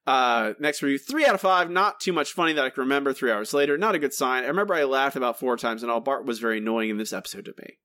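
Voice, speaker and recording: A man co-hosting a podcast, talking in an animated, incredulous and sarcastic way. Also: medium pitch, quick pace, few pauses, dry recording, clean studio sound. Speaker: podcast co-host. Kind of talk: casual chat.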